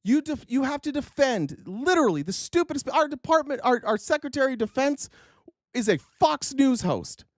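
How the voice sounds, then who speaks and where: A man with a notably high voice hosts a political live stream in a heated, sarcastic rant full of swearing. He keeps breaking off and restarting his sentences. The sound is close and dry, with no room in it. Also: sing-song, normal speed, no echo. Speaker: political livestream host. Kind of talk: ranting political commentary.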